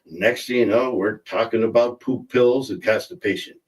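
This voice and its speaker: A man's voice: mid-range voice, normal speed, distant mic, low-quality recording. A man hosting a casual livestream, joking and rambling as he reads out viewer comments. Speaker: livestream host. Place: in a car.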